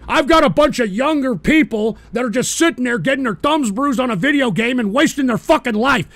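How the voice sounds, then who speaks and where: A man's voice: extremely high pitch, expressive, fairly quick, gravelly, a bit bright, no room sound. A middle-aged American man hosting a radio talk show, ranting profanely and abrasively at his chat. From United States.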